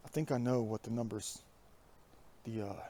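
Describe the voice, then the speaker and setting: A man vlogging outdoors on a foggy hillside, talking in a hushed, often half-whispered, reflective way into a phone headset mic. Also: mid-range voice, moderate pace. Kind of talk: musing outdoor vlog. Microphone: iPhone with plugged-in headset.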